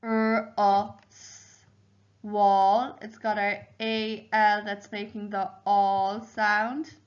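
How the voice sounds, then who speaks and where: A woman teacher giving a home learning phonics lesson to young children, slowly sounding out syllables and spelling words letter by letter. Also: mid-range voice, level tone, highs cut off. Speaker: primary school teacher.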